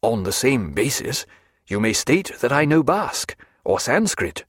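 A man's voice: mid-range voice, big pitch swings, a little slow, breathy edge, no echo. A man voicing a composed naval doctor who answers questions with dry, precise, formal evasions.

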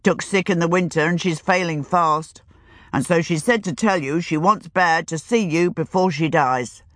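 A woman's voice: on the low side, moderate pace, no room sound, clean studio sound, natural voice. A woman reading the part of a smirking middle-aged male sheep dealer, with an offhand delivery.

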